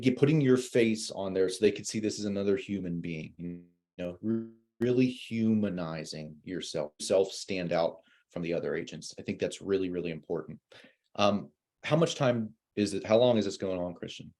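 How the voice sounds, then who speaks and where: Man, low and warm, animated storyteller, slips into caller voices. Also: fairly quick. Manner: many fillers and restarts. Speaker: insurance agent guest. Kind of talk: casual webinar talk.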